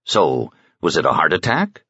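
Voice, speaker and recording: A man's voice: a bass voice, huge pitch swings, normal speed, bright, forceful tone, breathy edge, no room sound, exaggerated voice. A man voicing a big, shrewd male bodyguard who asks mock-concerned, probing questions, on a slightly muffled recording.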